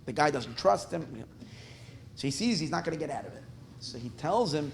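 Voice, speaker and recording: A male rabbi telling a story at a live gathering in an animated, conversational way, often breaking off and restarting his sentences. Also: a little high, normal speed, vocal fry, a little hiss or hum. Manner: animated, conversational, self-interrupting.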